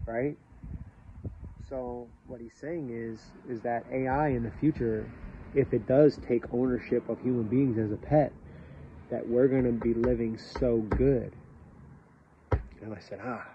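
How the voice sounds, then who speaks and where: A man talking casually about faith and prophecy, rambling, animated, and swinging between loud and hushed. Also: mid-range voice, a little slow, pauses often. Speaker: show host. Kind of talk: casual religious talk. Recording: slightly dull lo-fi audio with faint hiss.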